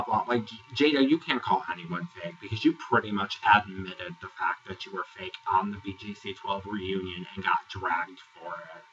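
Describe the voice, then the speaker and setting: A man giving a sassy, exasperated casual review, ranting and sometimes mocking people in high put-on voices. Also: bright, forceful tone, distant mic, slight background noise. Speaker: reality TV reviewer. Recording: dull, lo-fi, voice set back from the mic.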